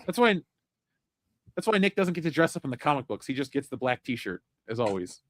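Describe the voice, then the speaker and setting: A man's voice: medium pitch, big pitch swings, a little fast, no room sound, clean studio sound. A man hosting a pop culture chat show, reading viewer comments and teasing his co-host with frequent laughter. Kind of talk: casual chat.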